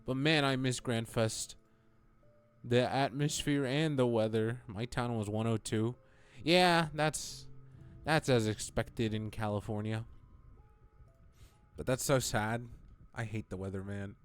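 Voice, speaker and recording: A man's voice: medium pitch, takes it slowly, pauses often, clear, resonant tone, soft background music. A young man casually chatting with his stream viewers, rambling and playful. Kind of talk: casual live-stream chat.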